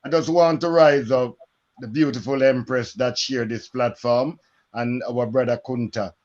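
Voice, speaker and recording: A man's voice: medium pitch, steady tone, measured pace, darkish tone, lo-fi sound. A man speaking as a panel guest in an emphatic, rallying way.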